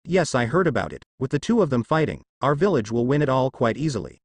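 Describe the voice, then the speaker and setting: A man's voice: medium pitch, very animated, fast, husky, no echo. A man doing a boastful villager. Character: confident proud village townsperson.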